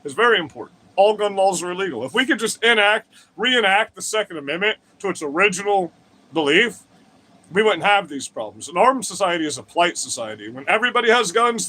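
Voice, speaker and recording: A livestream host, male, rants crudely and combatively about politics to his live chat, swearing often and drifting into digressions. His voice is high with a sharp tone, and there's a little hiss or hum.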